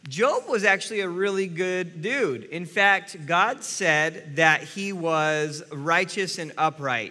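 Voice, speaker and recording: A man's voice: sits high, expressive, slow, few pauses, pushed and bright, in a large hall. A man preaching a sermon as a pastor, earnest and speaking directly to his listeners.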